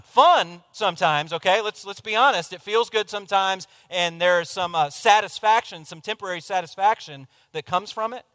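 A man preaching, telling a personal story in a confessional, animated way that swings from hushed to loud. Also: high-pitched, normal speed, few pauses, no echo. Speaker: pastor. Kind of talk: sermon storytelling.

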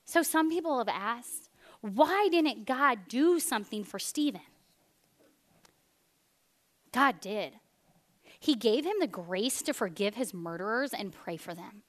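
A woman, preaching a sermon as an animated storyteller who drops to a hush for weighty points. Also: a little high, measured pace. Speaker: speaker.

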